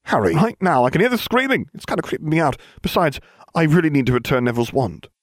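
A man reading aloud and voicing a bookish, exasperated young woman in a high, prim voice. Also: lively intonation, fast talker, no room sound, studio quality. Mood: worried.

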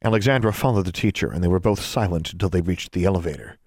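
A deep-voiced man narrates an audiobook from a script, telling the story in a steady, measured way. The recording is clean studio sound with no echo.

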